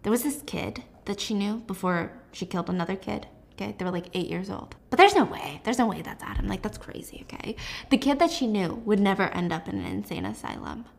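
A young woman casually recapping a novel in a gossipy, animated way, full of fillers like "like". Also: mid-range voice, brisk, creaky. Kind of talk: casual chatty book recap.

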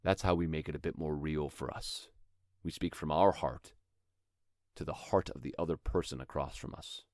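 Deep-voiced man teaching acting. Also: moderate pace, darkish tone, no room sound, studio quality. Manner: earnest, explains with rhythmic examples. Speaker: acting teacher and podcast host. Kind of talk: instructional talk.

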